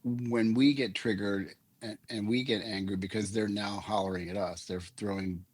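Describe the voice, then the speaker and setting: An older man with a low, somewhat husky voice speaks as a guest in a conversational interview. He is earnest and reflective, and he explains ideas through vivid analogies. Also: steady tone, normal speed. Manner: earnest, uses images and analogies. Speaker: guest, leadership coach.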